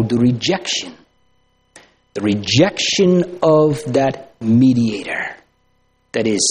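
A man preaching a sermon, asking rhetorical questions and swinging from loud emphasis to hushed tones. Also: medium pitch, a little hiss or hum.

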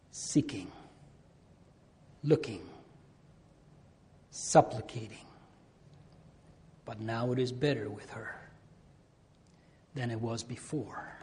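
A man preaching a sermon to his congregation, swinging between loud appeals and hushed near-whispers. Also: medium pitch, a little hiss or hum.

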